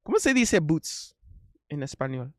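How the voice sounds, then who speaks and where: High-voiced man bantering on a live stream. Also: very animated, moderate pace, no echo, studio quality. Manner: exclaiming, laughing often, reading chat aloud.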